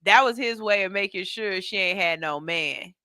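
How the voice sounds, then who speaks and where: A man's voice: high voice, normal speed, pushed and bright, clear, resonant tone, no echo, clean studio sound. A man hosting a morning radio show, chatting casually and animatedly. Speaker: radio host. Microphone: studio mic.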